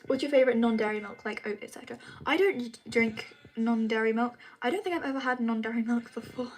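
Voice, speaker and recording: A woman's voice: fairly high pitch, brisk, soft background music, low-quality recording. A British woman chatting casually on a live stream, reading out viewer comments and answering them in a chatty, apologetic way. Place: home, at night.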